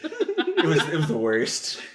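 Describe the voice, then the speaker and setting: A young man co-hosting a podcast, telling rambling animated anecdotes. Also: a little high, takes it slowly, a crowd in the background. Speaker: podcast co-host. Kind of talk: casual storytelling chat.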